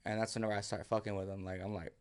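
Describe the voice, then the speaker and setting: A man's voice: on the low side, flat delivery, racing, darkish tone. Man telling a wild survival story. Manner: vivid, acts out his own quotes, drops to near whisper. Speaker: podcast guest. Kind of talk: casual storytelling.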